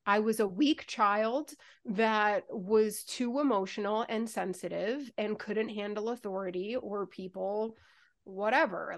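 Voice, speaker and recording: A woman co-hosting a podcast, talking candidly in casual chat and telling stories with lively energy and some swearing. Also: mid-range voice. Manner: candid, swears freely, animated storytelling. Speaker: podcast co-host.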